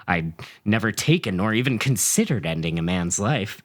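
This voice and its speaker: A man reading a dark first-person story aloud in a theatrical way, playing up the narrator's rage. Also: lowish voice, animated, moderate pace. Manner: theatrical, swings into shouting for quoted rage.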